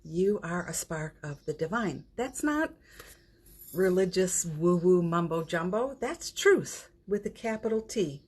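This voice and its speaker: A middle-aged woman, an energy healer, giving a gentle and affectionate spiritual pep talk on a morning livestream, greeting viewers by name and laughing often. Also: fairly low pitch, lively intonation, unhurried, breathy edge. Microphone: phone or computer mic for a livestream.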